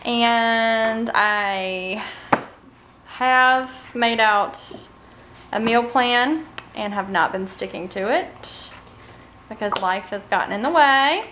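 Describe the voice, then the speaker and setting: A woman's voice: on the high side, slow pace, background noise. A woman in her thirties, a homeschooling mother, chatting casually to the camera about her family's day at home. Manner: chatty, reads picture books aloud to children. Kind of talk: casual family vlog narration.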